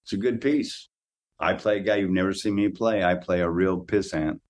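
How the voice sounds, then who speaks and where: Older guy in his 60s, real low voice, chatty podcast guest spinning stories, doubles up his words. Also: normal speed. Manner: animated anecdote-telling, repeats words. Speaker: guest actor. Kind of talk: casual interview storytelling.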